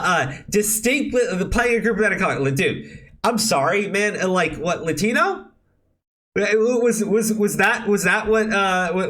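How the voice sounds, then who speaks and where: A high-voiced man ranting on his commentary channel, his pitch swinging widely. He swears a lot, trips over his words and repeats himself, turning sarcastic and shouting when he gets angry. His tone is bright and sharp.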